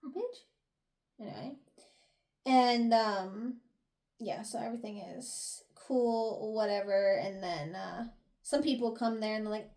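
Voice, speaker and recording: Woman podcast co-host, high bright voice, chatty, animated recap of a novel. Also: slow pace, pauses often. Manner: animated recapping, swears and laughs. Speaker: book review podcast co-host. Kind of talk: casual chat.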